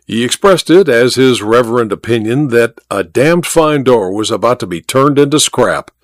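A man narrating an audiobook in an animated, theatrical reading. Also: mid-range voice, normal speed, no echo, clean studio sound.

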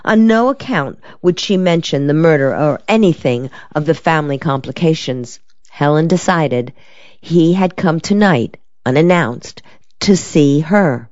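Low-voiced woman narrating a novel. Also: a little slow, a little mellow, no room sound. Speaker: audiobook narrator. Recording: dull, lo-fi dry recording.

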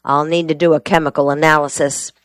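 A woman's voice: low voice, little pitch movement, no room sound, close to an everyday voice. A woman voicing a slightly drunk older male gardener who lectures pedantically and slurs a little. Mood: lecturing. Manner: pedantic, slurring slightly, slow. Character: tipsy older male amateur gardener, rambling.

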